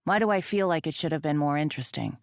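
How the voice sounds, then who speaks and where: A blunt adult brother from a romance audiobook, flat and unimpressed, speaking in a somewhat lowered voice, as a woman reads him. The recording is close and dry, with no room sound. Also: fast talker, clear, resonant tone, no room sound, natural voice.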